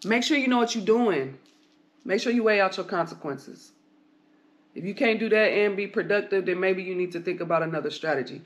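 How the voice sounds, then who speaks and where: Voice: medium pitch, brisk. A podcast host giving blunt, heavily profane advice in a rambling solo monologue, hammering points home with repeated commands.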